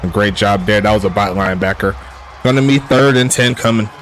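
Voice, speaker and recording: A man calling a simulated football game play by play in a relaxed streaming style, joking with chat and rising on big plays. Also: fairly low pitch, brisk, soft background music. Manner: laid-back, laughs at jokey player names, excitable on big plays. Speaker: play-by-play commentator. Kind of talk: casual sim football commentary.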